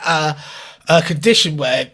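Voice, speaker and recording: Lad on a podcast, blunt and crude, chuckling a lot, voice a bit high. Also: male voice, unhurried, pushed and bright. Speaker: podcast co-host. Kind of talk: casual storytelling chat.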